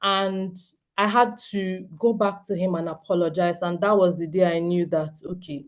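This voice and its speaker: A Nigerian homeschooling speaker in her thirties talks earnestly and directly to parents, often asking the audience questions. Her voice is fairly low and steady in tone, delivered at normal speed.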